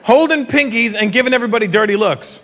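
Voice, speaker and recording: A North American man telling stories in a stand-up routine, chatty and animated, with asides to the audience. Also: extremely high pitch, quick pace. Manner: conversational, animated storytelling with asides. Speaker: stand-up comedian. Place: theater stage before a live audience. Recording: live recording with loud crowd and room noise.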